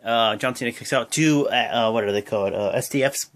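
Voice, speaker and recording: A young man hosting his own channel, recapping a wrestling show in a casual, excitable way with lots of fillers and sudden jumps in pitch. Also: fairly quick. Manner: excitable, acts out quotes in jumpy high voices, many fillers. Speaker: host of a wrestling reaction channel. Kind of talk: casual recap talk to camera.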